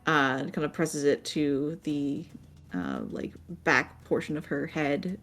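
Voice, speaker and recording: A woman narrating a tabletop game as game master, halting with fillers and frequent laughs. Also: low voice, a bit bright. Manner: halting, many fillers, giggly.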